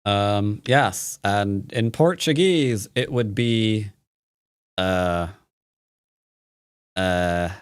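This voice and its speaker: A man's voice: lowish voice, very slow, long pauses, clear, resonant tone, no room sound, clean studio sound. A man teaching Go on a live stream, talking casually and playfully, joking with his chat and rambling with fillers and restarts. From United States.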